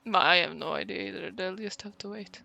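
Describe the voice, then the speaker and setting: A young woman streamer chatting casually, sarcastic, swearing freely and often clearing her throat. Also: mid-range voice, a little fast, pushed and bright, no echo. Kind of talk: casual livestream chat.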